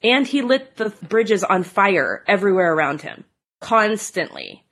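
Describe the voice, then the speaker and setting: A woman's voice: medium pitch, very animated, a little slow, fairly bright tone. A woman in her thirties telling her own story in a candid, conversational way, full of "like" and "you know". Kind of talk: personal testimony.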